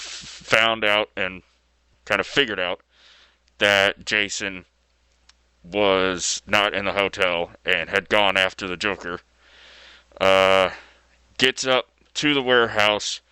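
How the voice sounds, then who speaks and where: A man's voice: lowish voice, sharp tone, smooth, no room sound. A man casually retelling a story as video host, laid-back and loose with fillers and mild slang.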